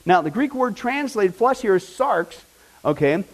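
A man preaching a sermon in a lively, conversational way, often checking in with his listeners and breaking into excited exclamations. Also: sits high, unhurried, rough recording. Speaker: pastor.

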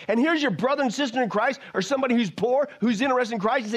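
A man with a strikingly high voice delivers a fiery sermon. He scolds his listeners with rapid rhetorical questions. Now and then his voice sinks to a near murmur. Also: expressive, fairly bright tone. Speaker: preacher.

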